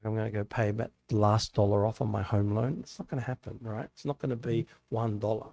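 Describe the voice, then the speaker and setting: Talking fast in a low, flat voice with vocal fry and a darkish tone, a youth meeting speaker delivers a relaxed sermon to young people. In the church hall, he tells stories and poses rhetorical questions conversationally.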